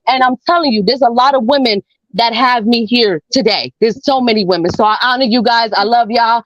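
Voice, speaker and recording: A woman's voice: fairly high pitch, a little fast, fairly bright tone, no echo, lo-fi sound. A woman performing a spoken word poem over a video call, laughing between lines and swearing freely, then chatting casually. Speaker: open mic poet.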